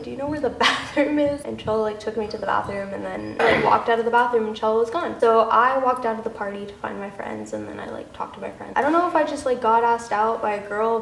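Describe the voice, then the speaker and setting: A woman's voice: on the high side, creaky, slight background noise. Giggly young woman in an echoey room. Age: young adult. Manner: giggly, uses "like" a lot. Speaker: co-host telling a couple's story. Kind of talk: casual chat.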